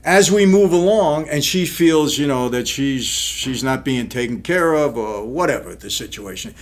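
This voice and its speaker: A man's voice: mid-range voice, animated, normal speed. A man giving an indignant, casual commentary on a film, firing off rhetorical questions. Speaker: film reviewer, former mob figure.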